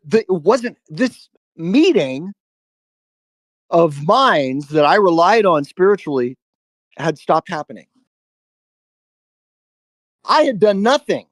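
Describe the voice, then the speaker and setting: Slow, emphatic man with a dry voice. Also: high-pitched, dry recording. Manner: emphatic, profane, drawn-out pauses. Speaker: live-stream speaker on shadow work. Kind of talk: intense personal storytelling to a listener.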